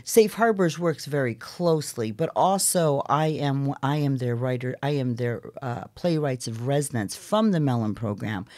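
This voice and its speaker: A woman from New York City, a playwright and actor, telling lively anecdotes in a podcast interview and laughing often. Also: extremely low pitch, normal speed, hardly any pauses.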